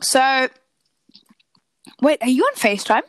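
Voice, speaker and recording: A woman's voice: high-pitched, big pitch swings, measured pace, no echo. A woman hosting a casual podcast with a cough, often apologising for interruptions. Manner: apologetic, keeps excusing interruptions. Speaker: podcast host. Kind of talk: casual chat.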